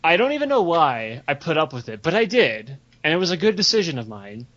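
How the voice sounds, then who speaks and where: A man's voice: a little high, big pitch swings, a little fast, a bit bright. A young man telling a long, profane gaming story in casual podcast chat, rambling and giggling as he goes. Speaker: podcast host. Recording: dull lo-fi podcast audio.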